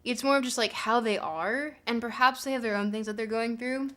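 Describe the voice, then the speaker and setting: Woman streamer, casual chatty host, meandering and full of fillers, slightly raised pitch. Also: brisk, bright, forceful tone. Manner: rambling, filler-heavy, thinking aloud. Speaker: livestream host. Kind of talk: casual livestream chat.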